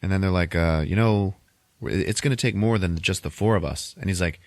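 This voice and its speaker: A man's voice: low voice, a little fast, a little mellow, dry recording, clean studio sound. A man hosting a podcast, casually retelling a movie plot and laughing often as he quotes the characters. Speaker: podcast host.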